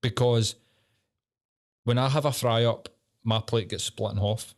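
A man's voice: medium pitch, unhurried. Sweary Scottish man, casual banter. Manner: sweary, banter-heavy and animated. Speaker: podcast host. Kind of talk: casual chat.

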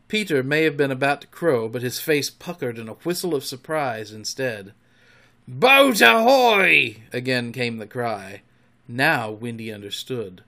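A man reading a storybook aloud in an expressive, dramatic way. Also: medium pitch. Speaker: narrator.

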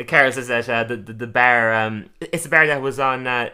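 A man's voice: medium pitch, fairly even intonation, normal speed, bright, forceful tone, clear, resonant tone. A man co-hosting a podcast, chatting casually about a cartoon episode and laughing often as he retells scenes. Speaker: podcast co-host.

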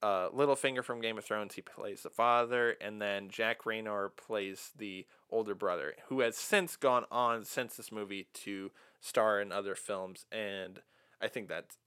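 A man hosting a casual movie review podcast, chatty and animated, often laughing as he retells scenes. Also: lowish voice, a little slow, smooth. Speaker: podcast host. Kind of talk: casual film-review chat.

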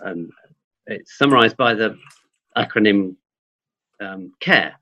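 A man with a fairly low voice speaks in a thoughtful, reflective way, pausing with ums and restarting his thoughts as he explains. The audio has a dull, lo-fi quality. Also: animated, sharp tone. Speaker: guest, forest school trainer.

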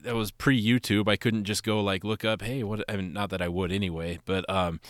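A man co-hosting a podcast, telling a personal story in a relaxed, rambling way with lots of fillers. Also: lowish voice, a little fast, no echo, clean studio sound. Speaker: podcast co-host. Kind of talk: casual storytelling chat.

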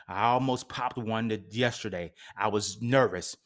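A man's voice: lowish voice, measured pace, a bit bright. A man hosting a podcast, ranting theatrically with sarcastic asides. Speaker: podcast host. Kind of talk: solo podcast rant.

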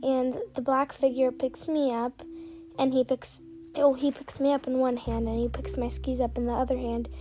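A woman hosting a podcast, telling a personal story in a casual, rambling way with lots of "like" fillers, soft-spoken and sometimes slipping into a whisper. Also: high voice, flat delivery, normal speed, slight background noise. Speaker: podcast host.

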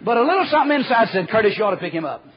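A man preaching a folksy storytelling sermon, acting out the quoted voices and dropping to a hush at times. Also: high voice, very animated, racing, breathy edge. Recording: muffled lo-fi recording.

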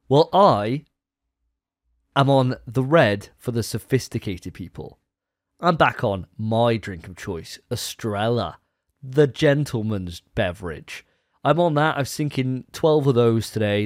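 A man's voice: mid-range voice, dry recording, studio quality. A man co-hosting a gaming podcast, chatting casually and rambling with restarts. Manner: chatty, rambling, self-correcting. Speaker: podcast co-host. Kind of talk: casual chat.

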